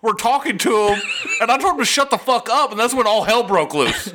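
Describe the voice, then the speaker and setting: A young man spins crude stories in a casual chat, laughing through them. His voice sits high and swings widely, with a bright, forceful edge. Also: big pitch swings, fairly quick. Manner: profane, laughing storyteller.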